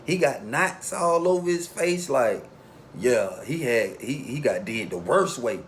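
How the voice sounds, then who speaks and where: A man's voice: mid-range voice, expressive, a little slow, a little hiss or hum. Laid-back man telling a street story. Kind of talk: casual storytelling.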